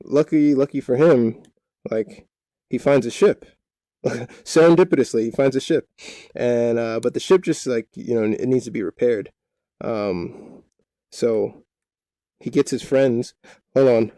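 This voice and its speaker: A man's voice: mid-range voice, measured pace, long pauses, warm tone, dry recording, clean studio sound. A man acting as dungeon master, retelling the group's adventures in a rambling, joking way. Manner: rambling, joking, full of fillers. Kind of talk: casual storytelling recap.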